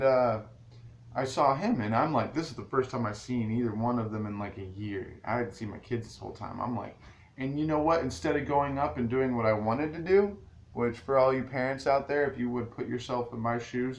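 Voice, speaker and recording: A man talking straight to his viewers in a loose, rambling vlog, his low voice rough with gravel. He restarts sentences and circles back as he goes. The room is echoey, with a faint hum of ambient noise behind him. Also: highs cut off. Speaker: vlogger. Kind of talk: casual rambling monologue to viewers.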